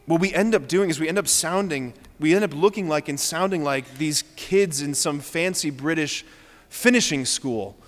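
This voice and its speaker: A Catholic priest preaches with earnest emphasis, circling back on key phrases to drive them home. His voice sits high for a man. It rings through a large church with a long reverb. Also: normal speed, fairly bright tone. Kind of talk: sermon.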